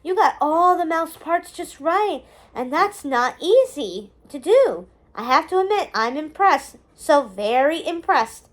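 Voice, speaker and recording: A woman's voice: lively intonation, unhurried, few pauses. A woman voicing a gleeful, mischievous middle-aged witch mother, gushing and giddy as she talks. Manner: gushing, giddy, high-spirited.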